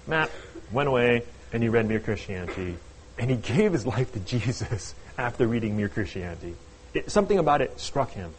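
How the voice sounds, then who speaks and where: A middle-aged man preaching a sermon, telling stories with animated, playful asides. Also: medium pitch, a little fast, a little hiss or hum, rough recording. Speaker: pastor.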